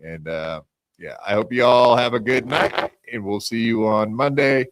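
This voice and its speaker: Profane ranting podcast host, dry close sound. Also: male voice, mid-range voice, moderate pace, no echo. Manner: profane, taunting rant delivery. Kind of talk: casual live podcast talk.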